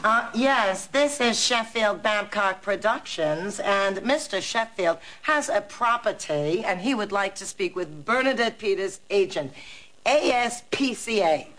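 A chatty, conspiratorial schemer, played by a woman, in a sitcom. She talks at an unhurried, drawn-out pace. The audio is noisy broadcast sound. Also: mid-range voice, animated, lightly acted. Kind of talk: sitcom acting.

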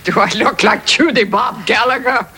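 An actress playing a blunt, gruff housekeeper in a sitcom scene. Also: female voice, on the high side, normal speed, lightly acted. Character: blunt stern woman in a loud cowgirl outfit. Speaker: housekeeper posing as an heiress. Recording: noisy old TV sitcom recording.

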